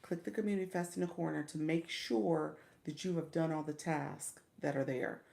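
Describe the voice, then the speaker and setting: A woman's voice: low voice, steady tone, moderate pace, gravelly, a little mellow. A middle-aged woman hosting a casual livestream, coaching viewers, chatting and greeting them by name, often stumbling over how to say their names. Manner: encouraging, coaching tone with repeated "okay?".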